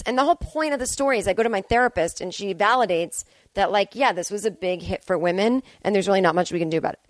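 Woman, podcast host, blunt ranting, swears freely, casual comedic monologue, mid pitch, dry close sound. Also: quick pace, dry recording. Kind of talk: casual comedic monologue, reading listener emails. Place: at home.

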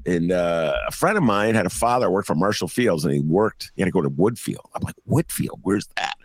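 An older man hosting a talk show, chatting casually with animated, jokey asides. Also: low-pitched, fairly quick, no echo, clean studio sound. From Chicago area, US. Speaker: podcast host. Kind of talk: casual chat.

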